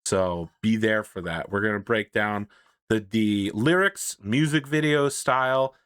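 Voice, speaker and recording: A man hosting a casual podcast chat, animated, laughing often and swearing freely. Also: fairly low pitch, unhurried, clear, resonant tone, dry recording, studio quality. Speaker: podcast host.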